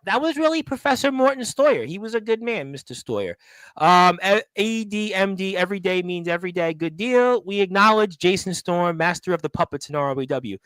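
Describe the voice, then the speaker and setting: Brooklyn guy hosting a live chat show, high voice, jokey, reads chat out loud, dry close mic. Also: animated, fairly quick, dry recording, low-quality recording. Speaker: host. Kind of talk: casual live-stream chat.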